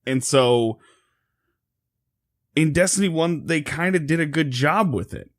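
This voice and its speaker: A man co-hosting a gaming podcast, speaking earnestly with frequent pauses and fillers. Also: on the high side, lively intonation, no room sound, clean studio sound. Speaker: podcast co-host. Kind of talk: casual gaming podcast chat.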